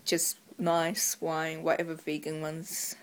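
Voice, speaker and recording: A woman's voice: deep voice, completely flat delivery, slow. A woman, chatting plainly as a guest. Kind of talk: casual chat.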